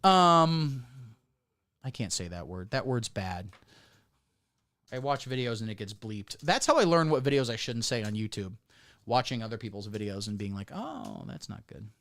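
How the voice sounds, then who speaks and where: A man streaming sarcastic commentary, swinging between deadpan mutters and sudden squeaky outbursts. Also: moderate pace, long pauses. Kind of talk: satirical livestream commentary.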